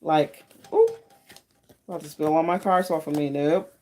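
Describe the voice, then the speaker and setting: A woman's voice: sits low, fairly even intonation, moderate pace, dark tone. A woman hosting a casual live-stream tarot reading. She talks in a chatty, meandering way and greets viewers by name.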